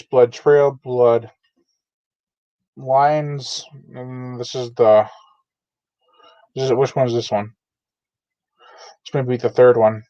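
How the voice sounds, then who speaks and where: A man hosts a live unboxing stream, talking loosely and filling pauses with "uh" and "um" as he reads chat. His voice is of middle pitch and sounds dull and lo-fi. The room around him is dry, with no echo. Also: dark tone. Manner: casual, rambling, many fillers. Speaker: channel host. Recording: dull, lo-fi dry home mic.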